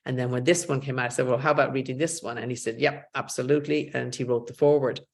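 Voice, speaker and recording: A woman's voice: a bass voice, fast talker, gravelly. A middle-aged woman, an author talking as a guest in a casual interview and telling stories, quoting other people's lines as she goes. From Ireland. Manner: animated storyteller, quotes others in dialogue.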